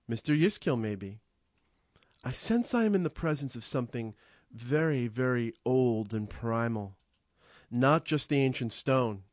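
A man narrating a first-person audiobook in a measured, reflective way, slowing on vivid images. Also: medium pitch, darkish tone, dry recording, clean studio sound.

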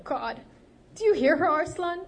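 Figure: a woman doing a plump, wealthy, graying man. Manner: weepy, desperate, pleading. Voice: raised high and loud, with a faint hiss behind. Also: lively intonation, moderate pace. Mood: distraught. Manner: pleading, sobbing outbursts.

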